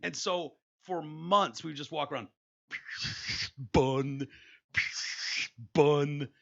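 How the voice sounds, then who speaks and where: Gravelly-voiced man telling radio stories. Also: a little high, normal speed, highs cut off. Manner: swears freely, animated storytelling. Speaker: radio host. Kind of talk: casual podcast chat.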